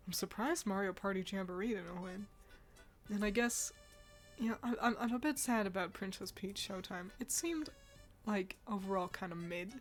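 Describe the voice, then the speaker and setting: A woman at a mid pitch chatting on a stream, rambling and candid, cursing freely. She sounds a little stuffy-nosed and tired, breaking off into sighs and laughs. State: stuffy nose, yawning. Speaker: streamer reacting to game awards. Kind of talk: casual live-stream chat.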